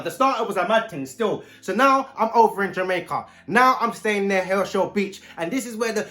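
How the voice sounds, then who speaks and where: A man telling a story to camera in animated, slang-heavy casual chat. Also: high voice. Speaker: vlogger.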